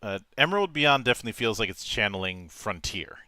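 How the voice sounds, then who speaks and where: A man's voice: on the low side, big pitch swings, fast, pushed and bright, soft background music. A man co-hosting a casual chat about game trailers, speaking in a thoughtful, opinionated way. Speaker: co-host.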